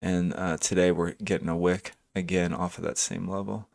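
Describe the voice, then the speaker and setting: A gravelly, darkish, low-pitched male voice with a level tone moves at a moderate pace. The man hosts a live day trading stream, giving casual market commentary as he thinks aloud over charts hesitantly, with many fillers, restarts and self-corrections, and greets chat viewers by name.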